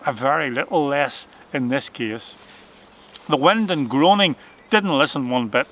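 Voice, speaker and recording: A man reading a children's adventure story aloud in an expressive, dramatic way. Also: mid-range voice, measured pace, slight background noise.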